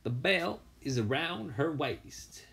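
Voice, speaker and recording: A man putting on a mock Southern US redneck accent, voicing a loud, boastful, drawling American character. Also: on the high side, animated, slow pace, creaky, husky, pitched above the performer's own voice, full character voice. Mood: mock patriotic. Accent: put-on Southern US.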